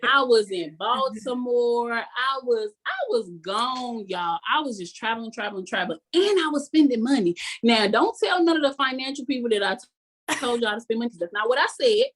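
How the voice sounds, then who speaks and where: A woman life coach giving a motivational talk in a folksy, sermon-like way, repeating key phrases slowly for emphasis. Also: a little high, expressive, a bit bright. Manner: folksy and sermon-like, calls the audience "y'all" constantly.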